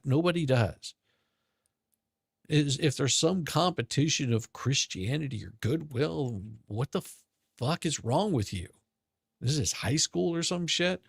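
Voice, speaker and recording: A man with a gravelly, fry-laden voice rants on his stream in a slow, drawn-out way. He is profane and sarcastic and mocks those he talks about. The sound is dry and close. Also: on the high side, lively intonation, no echo. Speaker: streamer commentator. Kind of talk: ranting commentary. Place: home streaming setup.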